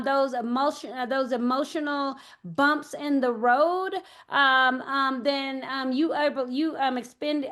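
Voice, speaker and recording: A woman's voice: high voice, a bit bright. An older woman, an early childhood educator, giving a parent workshop talk, hesitant and thinking aloud as she tells anecdotes.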